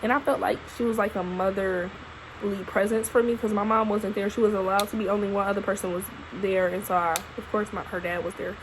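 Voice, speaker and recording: A young woman, a new mother casually telling her birth story to camera in an expressive, profane way. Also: medium pitch, fairly quick, background noise. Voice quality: expressive, profane, animated retelling. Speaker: vlogger, new mom. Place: at home holding her baby.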